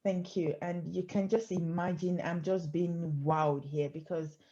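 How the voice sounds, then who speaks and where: A woman's voice: lowish voice, steady tone, a little slow, highs cut off, a crowd in the background. A woman in her forties hosting an interview, chatty and playful, teasing her guest. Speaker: host.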